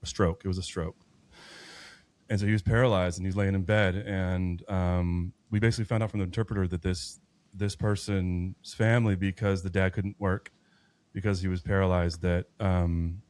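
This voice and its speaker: Speaking at normal speed in a low, darkish voice with little pitch variation, a podcast guest in his thirties gives a personal faith testimony in conversation. He's earnest and rambling, frequently starting over.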